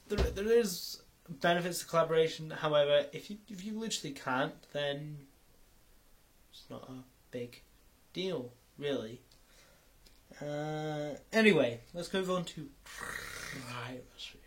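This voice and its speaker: A man's voice: fairly high pitch, a little slow. A young man rambling through a casual vlog, often stopping to correct himself and swearing now and then. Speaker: YouTuber.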